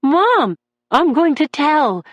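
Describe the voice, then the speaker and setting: A man's voice: very high-pitched, sing-song, slow pace, dry recording, muffled recording, pitched above the performer's own voice, heavily acted. A woman reading an audiobook voices a troubled young man on trial, testifying in a raw, pleading way about the voices that haunt him. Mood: emotional. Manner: anguished, raw and pleading, breaking into shouts. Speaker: defendant testifying in court.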